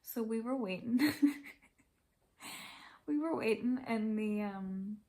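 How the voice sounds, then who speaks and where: Young Irish woman, chatty vlogger, rapid casual storytelling with frequent laughs and swearing. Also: fairly high pitch, mellow.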